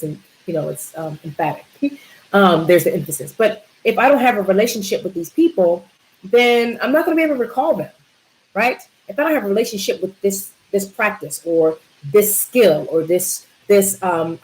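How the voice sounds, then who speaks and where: A woman's voice: medium pitch, a little mellow, rough recording. A woman giving a live community talk on wellness, emphatic, repeating key words and asking the audience questions. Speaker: wellness presenter.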